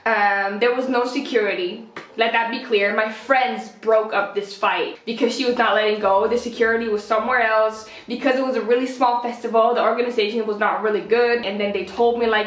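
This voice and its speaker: Woman in her twenties, casual storytime vlog, lively storyteller, slightly high voice, roomy echo. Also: brisk. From Netherlands. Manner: animated storyteller, acts out quotes with laughs. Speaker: vlogger.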